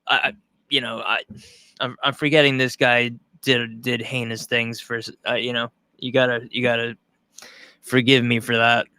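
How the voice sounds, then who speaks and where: A man from Long Island talks loosely on a livestream, swearing freely and tripping over his own restarts. His voice is bright and forward, at a middle pitch. The sound is dry and close. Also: flat delivery, normal speed, smooth, dry recording. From Long Island, New York. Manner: rambling, profane, frequent restarts. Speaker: streamer reacting to a news clip. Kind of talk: casual livestream commentary.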